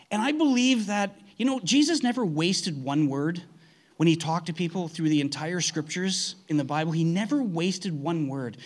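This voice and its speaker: A man preaching a conversational sermon, earnest, often restarting his sentences. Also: high voice. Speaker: pastor.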